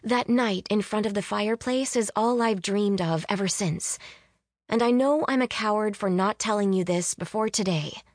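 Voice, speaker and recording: A woman voicing a flustered, bold young female messenger, high and excited, in an audiobook. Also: normal speed, dry recording, studio quality, close to an everyday voice. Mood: delivering.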